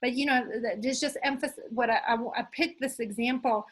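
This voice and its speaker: Husky, enthusiastic woman coaching a workshop. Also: a little high, a little fast, poor audio. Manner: enthusiastic, animated, addresses listeners as "you guys", frequent "like" fillers. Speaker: manifestation coach hosting an online challenge. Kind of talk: live motivational workshop talk.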